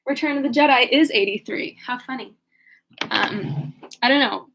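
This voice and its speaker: A young woman with a fairly high voice reads a classic novel aloud in an even, steady way. Between passages she muses casually, laughs easily and trails off while she hunts for her place. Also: moderate pace, vocal fry, background noise. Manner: thoughtful, laughs often, trails off and searches aloud. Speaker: book reader and commentator. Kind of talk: reading a novel aloud, then casual reflection.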